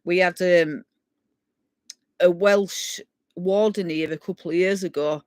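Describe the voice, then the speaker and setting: A woman's voice: lowish voice, steady tone, takes it slowly, a little mellow, dry recording. Chatty Yorkshire woman rambling on a live stream. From England. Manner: rambling and chatty, laughing as she reads out comments. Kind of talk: casual live-stream chat with viewers.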